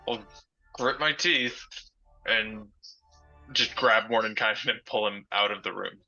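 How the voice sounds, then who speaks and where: Slow, bright-voiced man playing a tabletop game. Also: on the low side, dull audio, soft background music. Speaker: player. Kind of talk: casual tabletop game play.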